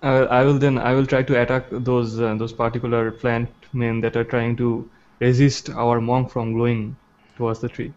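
A man's voice: medium pitch, little pitch movement, normal speed, a little mellow. Hesitant man playing, lo-fi audio. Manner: hesitant, repeating words. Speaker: player. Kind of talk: in-character roleplay. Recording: dull lo-fi online audio.

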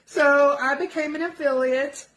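A woman's voice: high-pitched, steady tone, unhurried, a bit bright, slight background noise. A woman giving an earnest, pleading personal testimonial, emotional and close to tears at times, repeating herself for emphasis. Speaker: product affiliate giving a testimonial.

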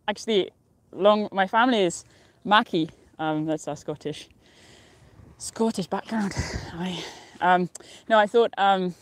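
Speaking in a lowish voice, a young outdoor vlogger chats live from a mountain summit, cheerful and casual, rambling and often laughing. The recording sounds dry.

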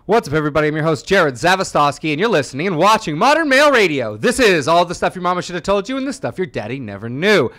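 Fast-talking male radio host. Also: fairly high pitch, very animated, fairly bright tone. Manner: joking, rambling, laughs at his own jokes. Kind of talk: casual radio talk show banter. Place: radio studio.

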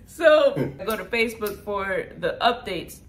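A woman co-hosting a vlog, telling a story in a lively, rambling way with frequent laughs. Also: medium pitch, unhurried. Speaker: vlog co-host. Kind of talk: casual storytelling chat.

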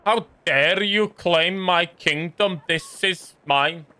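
A haughty medieval lord claiming his kingdom, as a gamer puts him on to poke fun. He stretches out every word with slow, grand self-importance. The tone is bright and a little high. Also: exaggerated voice. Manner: slow, drawn-out, haughty delivery.

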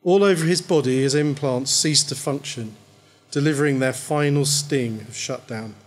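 A man reading his own short story aloud at a live event, in a measured storytelling manner. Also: mid-range voice.

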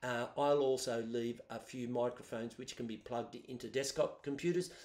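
A man teaching students, explaining music software step by step in a chatty way on a laptop microphone. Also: medium pitch, steady tone, moderate pace. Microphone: built-in laptop microphone. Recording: roomy echo.

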